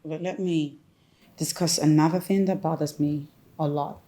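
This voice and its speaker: A woman's voice: deep voice, steady tone, normal speed, mellow, faint music behind, lightly acted. A woman playing an indignant Nigerian princess. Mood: suspicious. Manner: complaining, indignant. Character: spoiled, suspicious young woman, the king's daughter. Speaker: actor playing a young woman, the brother's sister.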